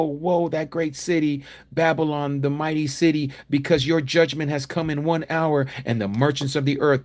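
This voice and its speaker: An American man teaching a Bible study livestream, preaching emphatically with rhetorical questions and conversational asides. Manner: emphatic preaching that swings from low, slow reading to loud, fired-up exhortation.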